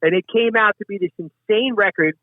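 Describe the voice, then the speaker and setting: This middle-aged hip hop artist from Westchester, New York, tells stories as a guest in casual conversation, cursing freely and performing other people's lines with animation. He speaks in a high-pitched voice, a little fast, over a dry, tinny, phone-like recording.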